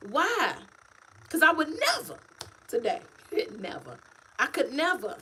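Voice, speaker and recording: A fairly high-voiced woman talks straight to her viewers on a livestream, animated and full of repetition. A faint hum of ambient noise sits under her voice. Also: unhurried, low-quality recording. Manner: animated, repetitive, preachy, addresses viewers as y'all. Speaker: author and vlogger. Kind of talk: casual livestream talk to viewers. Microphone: phone or webcam, livestream.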